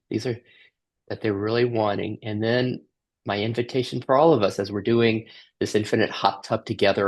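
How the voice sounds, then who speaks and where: A man leading a group workshop on a video call, asking gentle repeated questions and inviting everyone to join in. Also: medium pitch, creaky, husky, poor audio. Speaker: workshop leader.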